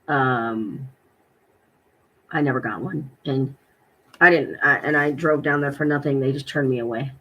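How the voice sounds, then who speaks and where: A woman's voice: extremely low pitch, a bit bright, breathy edge, dull audio. A middle-aged woman vlogger telling a personal story in a rambling, indignant way, with many ums and restarts.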